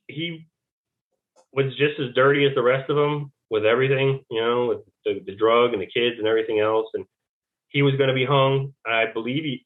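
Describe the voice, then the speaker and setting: A male American podcast guest recounting a story in a rambling way, full of restarts and filler words. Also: medium pitch. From United States. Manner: rambling, fills speech with "like" and restarts. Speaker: podcast guest, Navy veteran. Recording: tinny phone-like line.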